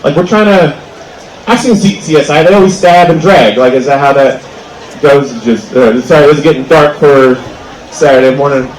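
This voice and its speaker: Rambling stand-up comic with echoing PA. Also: male voice, fairly high pitch, moderate pace, a little hiss or hum. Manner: rambling, full of "like" and restarts. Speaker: stand-up comedian. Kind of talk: stand-up comedy set. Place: outdoor plaza stage.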